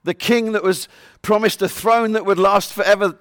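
A man's voice: sits high, steady tone, normal speed, a bit bright, no room sound, clean studio sound. A man preaching a sermon who talks earnestly and repeats scripture verses for emphasis.

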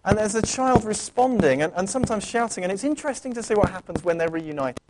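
A pastor preaches in church in a high-pitched, expressive, slightly mellow voice, moving at a quick pace. He's earnest and conversational, often restarting his sentences, and there's slight background noise.

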